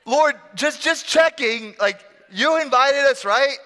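Flustered eager disciple, high and awkward, put on by a preacher in a reverberant hall. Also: male voice, slow, bright, forceful tone, full character voice. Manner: nervous, fumbling, high-pitched. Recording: long church hall reverb.

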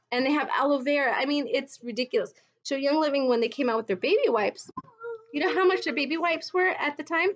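Higher-pitched woman, blunt and exasperated. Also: muffled recording. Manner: blunt and exasperated, with mocking quoted asides. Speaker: vlogger recounting her MLM experience. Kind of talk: casual commentary video.

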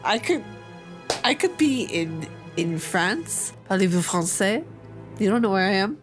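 A woman's voice: medium pitch, big pitch swings, unhurried, faint music behind. Playful, chatty woman gamer. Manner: playful, chatty, talks to the viewers. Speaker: gaming channel host. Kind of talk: casual let's-play commentary.

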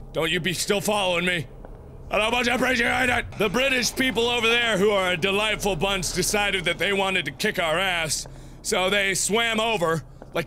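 A man in his twenties hosting a gaming video, loud and goofy, ranting and rambling between frustrated outbursts. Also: high-pitched, a little hiss or hum. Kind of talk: let's play commentary.

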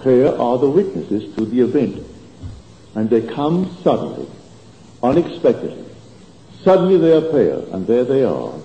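A man giving a spiritual lecture with an emphatic delivery that jumps up and drops low, recorded on old archival tape in a hall. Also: sing-song, normal speed, warm tone, dull audio, a little hiss or hum. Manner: emphatic, swooping delivery with sudden rises and drops.

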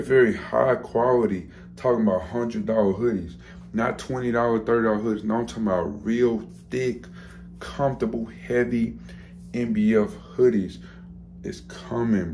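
A man's voice: lowish voice, darkish tone, a little hiss or hum. Hyped, repetitive man vlogging to camera. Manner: hyped, repetitive, slangy, keeps repeating phrases. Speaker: dog breeder. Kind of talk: casual talk to camera. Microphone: handheld camera.

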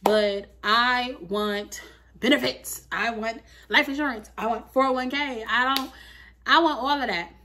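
Chatty animated woman vlogger. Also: a little high, a little slow, slight background noise. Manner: chatty and animated, with lots of "like" and "you feel me". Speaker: lifestyle vlogger. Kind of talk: casual vlog chat.

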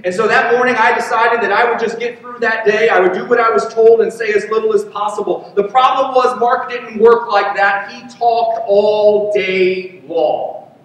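A pastor with a very high voice tells a story from the pulpit in an earnest, personal way. He sounds distant from the mic, and his words ring through a big hall with a long trailing reverb. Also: fairly even intonation, normal speed, a bit bright. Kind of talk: sermon. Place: church sanctuary. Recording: echoey hall from far off.

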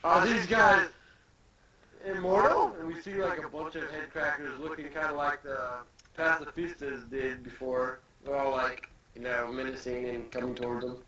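A man's voice: mid-range voice, flat delivery, normal speed, hardly any pauses. A young man co-hosting a casual podcast, loosely retelling a comic chapter. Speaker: podcast co-host. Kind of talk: casual chat recapping a manga chapter. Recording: distant, echoey, lo-fi, with chatter behind.

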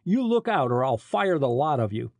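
A man voicing a sneering, surly chief smuggler in an audiobook, with a husky voice. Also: on the high side, sing-song, normal speed, dark tone, dry recording.

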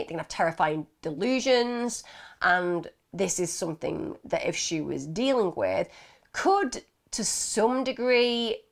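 A woman, telling a true crime story in a casual, animated and indignant way, full of rhetorical questions. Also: lowish voice, vocal fry.

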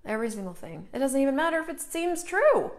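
A middle-aged woman with a slightly high voice hosts a casual live stream. She talks in a loose, chatty way and breaks off mid-sentence to greet viewers by name. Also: sing-song, fast.

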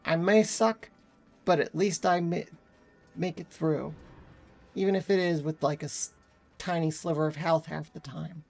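A woman's voice: low voice, fairly even intonation, measured pace, creaky, long pauses, darkish tone, soft background music. A woman VTuber streaming a game live, reacting with frustrated swearing and chatting with her viewers. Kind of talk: live gameplay commentary.

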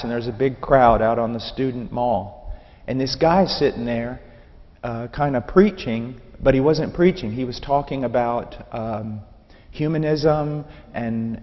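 A man preaching his personal testimony in an animated storytelling manner, acting out the dialogue. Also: a little high, big-room sound, lo-fi sound.

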